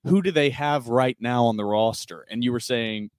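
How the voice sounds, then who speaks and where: A young man co-hosts a casual sports podcast. He speaks at a middling pitch and builds his case methodically, point by point. The recording is dry and close. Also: normal speed, no room sound. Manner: methodical, lays out timelines and arguments point by point. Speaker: podcast co-host. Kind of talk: casual chat.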